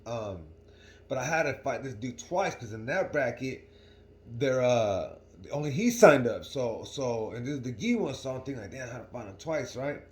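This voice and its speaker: A man's voice: mid-range voice, expressive, normal speed. Slangy young man rambling in an echoey room. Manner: slangy, rambling, keeps asking "right?". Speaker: vlogger. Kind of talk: casual storytelling to camera.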